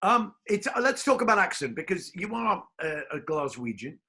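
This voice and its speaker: A man's voice: high voice, sing-song, moderate pace, sharp tone, poor audio. A man hosting a casual interview over a video call, asking questions in a playful, enthusiastic way. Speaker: host.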